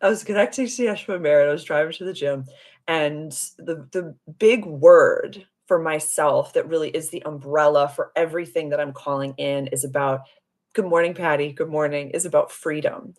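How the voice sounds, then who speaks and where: A woman hosting a live stream as a spiritual coach, telling a story in an animated, giggly way and answering viewer comments. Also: deep voice, normal speed. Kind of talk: casual live-stream chat.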